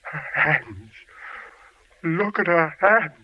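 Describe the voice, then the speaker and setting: A desperate, overwrought husband in a vintage radio play, his husky voice sitting high for a man and leaping wildly as he pleads and rages. The recording sounds muffled and dated. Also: animated, takes it slowly. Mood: horrified. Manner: emotional, pleading and shouting. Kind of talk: 1940s radio acting.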